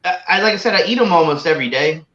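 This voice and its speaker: A man's voice: fairly high pitch, lively intonation, racing, fairly bright tone. A man chatting casually on a livestream about tasting spicy snacks, rambling with lots of "like" and "uh". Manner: rambling, full of "like" and "uh". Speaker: guest tasting hot snacks. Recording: echoey lo-fi call audio.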